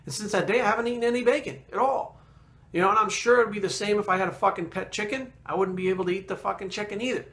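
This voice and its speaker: A man talking straight to camera in a casual vlog, a fitness trainer spinning a story. His voice sits a touch high and rings bright and forceful, and he is blunt and animated, with swearing in almost every line. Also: racing, few pauses.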